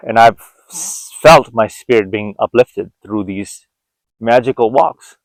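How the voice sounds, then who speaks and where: An earnest vlogger in his forties muses reflectively while out on a walk, speaking at a middle pitch and frequently restarting his sentences. His voice sounds dry and close, with no room sound, on a rough recording.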